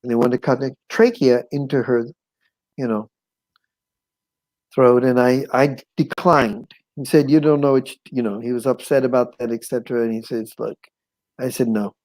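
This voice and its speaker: A middle-aged man with a medium-pitched voice shares his life story as a personal testimony at normal speed, on a rough recording. He's animated, acting out quoted voices and chuckling often, and keeps it conversational with frequent "you know what I'm saying".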